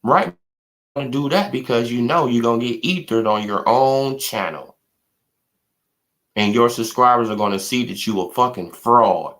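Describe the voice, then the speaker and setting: Young guy on a live stream, bright voice, trash talking and laughing loud. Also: medium pitch, moderate pace. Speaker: boxing commentary streamer. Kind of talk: animated casual live-stream rant.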